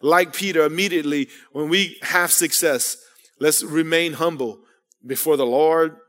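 A fairly high-voiced male pastor preaches an earnest sermon, mixing stories with calls to the congregation. His voice rings through a church hall with a long reverb tail. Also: steady tone, a little slow, a bit bright. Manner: earnest preaching with storytelling and call-outs. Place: church sanctuary.

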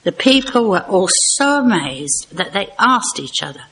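A woman reading a Bible passage aloud in a church service, slowing down for the spoken quotes. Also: mid-range voice, sing-song, a bit bright, slight background noise, poor audio. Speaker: scripture reader.

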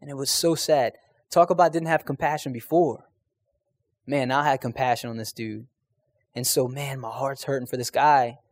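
A man's voice: medium pitch, fairly even intonation, moderate pace, dry recording. A man telling a personal faith testimony in an earnest, conversational way, speaking straight to his listeners.

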